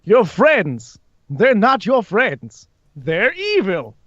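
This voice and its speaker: Scheming male veteran, game master voicing him, higher-pitched, cackling, lo-fi. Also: wildly swooping pitch, extremely slow, a bit bright, no echo, full character voice. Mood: sly. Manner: cackling, persuasive.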